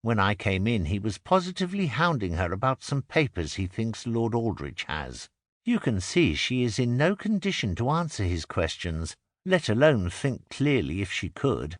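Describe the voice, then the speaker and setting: A man's voice: lowish voice, sing-song, moderate pace, no room sound, studio quality. A male narrator voicing a haughty young noblewoman who speaks in a cutting, scornful way. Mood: indignant.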